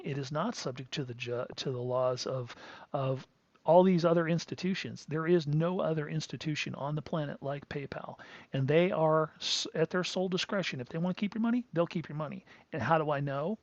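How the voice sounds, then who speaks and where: A man's voice: on the high side, dry recording. A middle-aged man hosting a crypto livestream, ranting emphatically and rambling, with frequent restarts and asides. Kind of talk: live-streamed rant. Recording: dull lo-fi stream audio.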